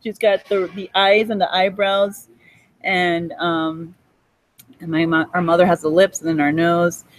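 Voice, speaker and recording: A woman in a cafe giving a rambling, profane monologue that jumps between topics and breaks into high bursts of laughter. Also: flat delivery, a little slow, low-quality recording.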